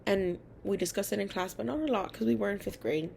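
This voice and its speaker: A woman's voice: medium pitch, fairly quick, vocal fry, slight background noise. A young adult woman and college student telling personal school stories in a chatty way, full of fillers. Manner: chatty, many fillers, animated quoting of others. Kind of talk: casual personal storytelling.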